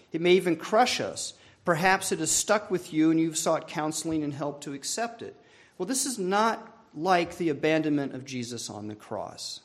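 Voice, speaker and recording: A man preaching a sermon from the pulpit. He speaks earnestly and at a measured pace, lifting his voice to stress a point and letting phrases fall away softly at the end. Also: a little high. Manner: earnest, measured preaching with rising emphasis and soft trailing ends. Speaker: pastor.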